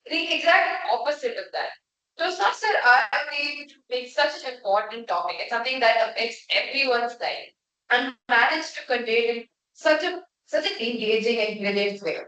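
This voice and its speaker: A woman's voice: a little high, a bit bright. A young woman giving a frank, conversational evaluation of a speech at a club meeting, restarting her phrases now and then. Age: young adult. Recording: echoey room, voice from far off.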